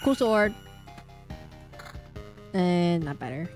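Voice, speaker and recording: A woman streamer chatting casually while playing a game, rambling through an animated retelling with frequent restarts and self-corrections. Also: on the low side, drawn-out words, soft background music.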